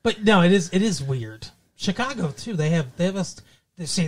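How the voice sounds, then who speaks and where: A man's voice: sits high, lively intonation, moderate pace. A man from Minnesota, co-hosting a podcast in casual chat, rambling with many restarts and fillers. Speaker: podcast co-host.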